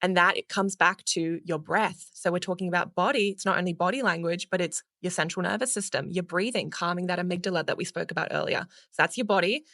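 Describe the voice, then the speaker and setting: Lively Australian woman coaching, dry sound. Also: lowish voice, fast, few pauses, dry recording. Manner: energetic, playful, casually swears. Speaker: public speaking coach. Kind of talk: podcast interview, coaching advice.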